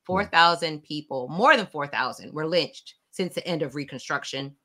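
A woman author and college professor, a guest in an interview, telling stories in a lively way and acting out the voices of other people. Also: sits low, moderate pace. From outside the United States. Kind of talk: animated interview conversation. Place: home, video call.

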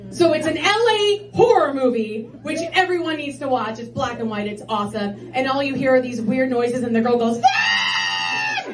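A woman's voice: high voice, a little fast, hardly any pauses. A woman doing a stand-up comedy set on a club stage, chatty and rambling with lots of filler words. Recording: roomy club from a distance, loud crowd.

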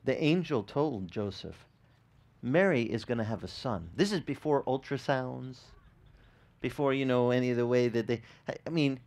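Animated pastor preaching a casual sermon. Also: male voice, medium pitch, moderate pace. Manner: animated, asks the congregation questions; repeats words as he restarts. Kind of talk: conversational sermon.

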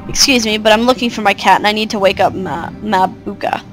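A woman's voice: mid-range voice, a little fast, faint music behind, natural voice, poor audio. A woman voicing a brave eleven-year-old girl, reading polite, earnest game dialogue aloud.

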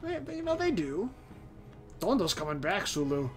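Higher-voiced man swearing through casual game commentary. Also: big pitch swings, moderate pace. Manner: swears freely, thinks out loud, restarts sentences. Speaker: host of a strategy game channel. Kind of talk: casual let's-play commentary. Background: faint background music.

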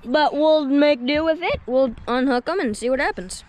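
A woman vlogging while fishing outdoors at a lake, excitable and keeps calling out to viewers. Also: sits high, moderate pace, a little hiss or hum. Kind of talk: excited outdoor vlog commentary. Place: outdoors at a lakeshore.

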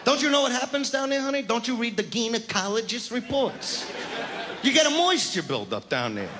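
A brash male stand-up comic taunts the front row in a big theater, his voice sitting high and swinging widely in pitch. A loud, laughing audience and heavy noise fill this live concert recording. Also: sing-song, fairly quick. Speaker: stand-up comedian. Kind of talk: crude stand-up routine with crowd work.

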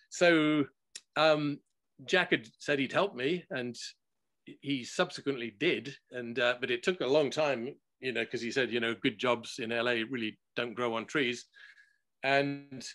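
A man recording engineer talking in a relaxed, chatty interview, laughing often and using many fillers, over a video call. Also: mid-range voice. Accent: none regional, no Scottish accent. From born in Gibraltar, grew up worldwide.

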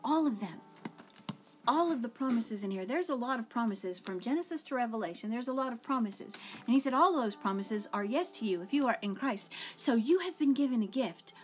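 A woman's voice: on the high side, expressive, a little fast, soft background music. A middle-aged woman giving an earnest devotional talk, telling personal stories in a conversational way. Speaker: ministry speaker.

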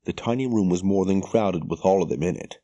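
Deep low guy narrating a fantasy audiobook, steady pace. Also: a little fast, dull audio. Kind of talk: scripted narration.

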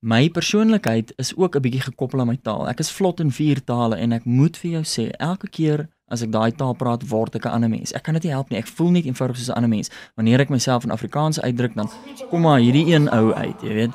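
A man's voice: mid-range voice, fast, a little mellow. A man, a musician guest telling stories in casual interview chat and switching between languages.

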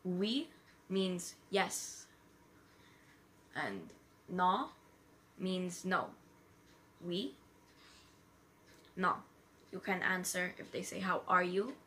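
A woman giving a casual vlog lesson, slowly repeating each phrase carefully as an amateur tutor. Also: on the low side, expressive, fairly bright tone, slight background noise.

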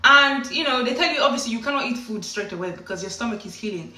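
A woman telling a story casually to camera in an animated way, often slipping into acted voices. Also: on the high side, quick pace. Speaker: vlogger. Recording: echoey room, distant from the mic.

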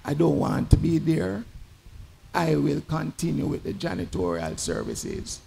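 A humble, unbothered woman speaks softly and firmly, as a man quotes her. Her tone is low and gravelly, with a faint creak, settled and at peace. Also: big pitch swings, measured pace, slight background noise, heavily acted.

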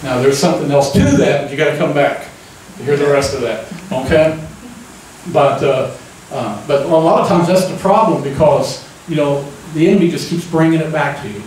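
A man preaching a conversational sermon, folksy and relaxed, often turning to the congregation with a quick "amen?". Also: fairly high pitch, a little hiss or hum. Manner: folksy, keeps asking the crowd "amen?". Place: church sanctuary. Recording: echoey church room, mic at a distance.

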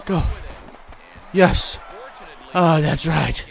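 A man hosting a gaming channel, giving loud, vulgar, excitable commentary while he plays. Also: fairly low pitch, moderate pace, long pauses. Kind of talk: let's play commentary.

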